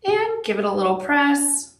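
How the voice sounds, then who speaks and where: A woman with a Southern accent walks viewers through appliqué placement in a live quilting lesson. She talks in a chatty, upbeat way, her voice a little high and gravelly. The sound is roomy, and she is heard from a short way off the mic. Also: sing-song, unhurried, distant mic. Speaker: quilting instructor. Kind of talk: live craft tutorial.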